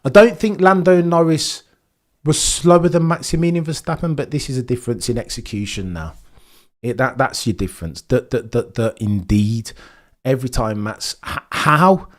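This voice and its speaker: Young streamer, live reaction commentary, excitable, drops to low disbelief. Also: male voice, moderate pace. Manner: excitable, swings from shouting to low muttering disbelief. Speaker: livestream watchalong commentator.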